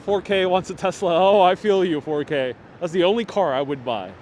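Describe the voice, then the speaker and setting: Man, live walking city tour, chatty with viewers, somewhat high-pitched, faint outdoor street noise, lapel mic. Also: moderate pace, a little mellow. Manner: chatty, reads viewer comments aloud. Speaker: livestream city tour guide. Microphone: wireless lapel mic with phone on gimbal. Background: street ambience.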